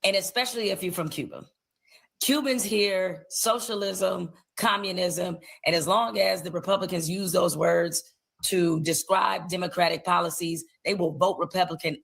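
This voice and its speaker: Gravelly low woman, measured commentary. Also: fairly even intonation, fairly bright tone. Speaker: political commentator.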